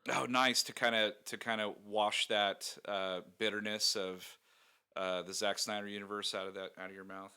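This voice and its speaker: Bright-voiced jokey male podcaster. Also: lowish voice, level tone, moderate pace, smooth. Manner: jokey, laughs often, rambling with fillers. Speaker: podcast co-host. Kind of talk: casual podcast chat.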